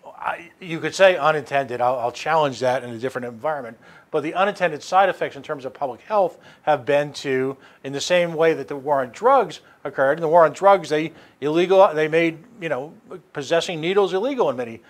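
A man's voice: a little high, a little fast. A man hosting a radio talk show, speaking animatedly with many restarts and sarcastic asides. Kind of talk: casual political talk.

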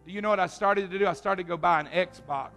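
A man preaching at a youth camp service, loud, coaxing and teasing as he runs games with the crowd. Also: sits high, quick pace, creaky, soft background music. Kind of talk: lively youth service sermon with audience games.

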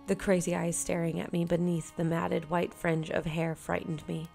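A woman's voice: on the low side, flat delivery, moderate pace, gravelly, a little mellow, soft background music. A woman narrating a horror short story in the first person, in a tense, dramatic reading.

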